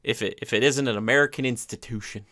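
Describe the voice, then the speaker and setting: Man, podcast co-host, bright tense voice, dry close sound, rambling and enthusiastic. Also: mid-range voice, fast talker, no echo. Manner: enthusiastic, rambling, many fillers. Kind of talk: casual chat.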